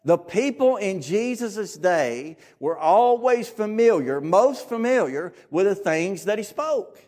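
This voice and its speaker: A man's voice: high-pitched, lively intonation, slow pace, darkish tone. A man with a Southern US accent preaching a sermon to his congregation, earnest and emphatic, repeating his key phrases.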